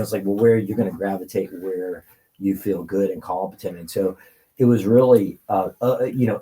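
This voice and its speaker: Male guest, forties, low and husky, rambling and emotional storyteller. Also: warm tone, rough recording. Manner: rambling, filler-heavy, emotional.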